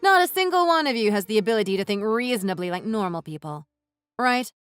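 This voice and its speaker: A woman voicing a furious wife in a text-message story, who talks in a sharp, sarcastic, cutting way. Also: mid-range voice, lively intonation, fast talker, smooth, soft background music, natural voice. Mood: scornful. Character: furious wife confronting her in-laws.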